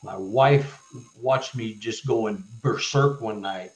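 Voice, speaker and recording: A man, a guest author on a live interview, telling personal stories with halting restarts and growing animation. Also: on the low side, reverberant, poor audio. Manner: halting, stuttered restarts, animated when retelling events. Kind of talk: casual storytelling in a live interview.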